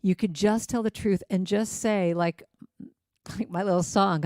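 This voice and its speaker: A middle-aged woman speaking to a spiritual congregation in a relaxed, conversational way. She is lively and keeps slipping into sung lines and acted-out quotes. Her voice sits at an ordinary pitch, and the sound is dry and close. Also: normal speed, no room sound. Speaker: guest musician and speaker. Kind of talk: casual spiritual talk.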